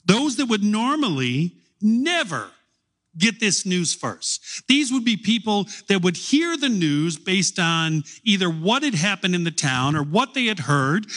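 Slow, lively middle-aged preacher man. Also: sits high. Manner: slow storytelling with long pauses. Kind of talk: sermon.

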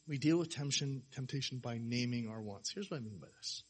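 A man preaching a sermon, animated, firing off rhetorical questions and acting out quotes. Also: mid-range voice, fairly quick, slightly rough. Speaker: pastor.

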